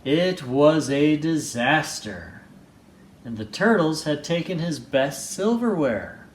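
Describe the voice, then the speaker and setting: A man reads a children's picture book aloud at a relaxed, slow pace, his voice rising and falling playfully. His pitch sits a touch high for a man. The room is echoey, with a faint hum behind him. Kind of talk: storybook read-aloud with voices.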